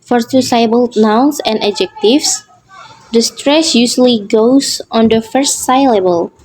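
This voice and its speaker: A woman presenting a pronunciation lesson, reading in a slow, measured way. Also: fairly high pitch, a little mellow, a little hiss or hum, rough recording. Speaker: student presenter.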